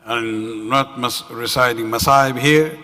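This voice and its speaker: A man's voice: mid-range voice, steady tone, takes it slowly, sharp tone. A man giving a religious lecture at a community center, telling a story with frequent "you know" and "uh" fillers. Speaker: religious speaker. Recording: reverberant hall.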